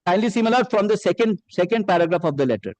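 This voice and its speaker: A man with a high-pitched voice and makes a courtroom argument, reading documents aloud to the bench with deference. The sound is dry and close, with no room reverb. He addresses the court with steady formality. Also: quick pace. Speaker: advocate.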